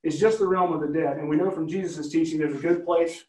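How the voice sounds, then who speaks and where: A man's voice: fairly high pitch, fairly even intonation, fast, a little mellow. Man teaching scripture in a roomy space. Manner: conversational, asks the listeners questions often. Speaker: Bible teacher. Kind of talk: Bible study teaching. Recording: roomy, from a distance.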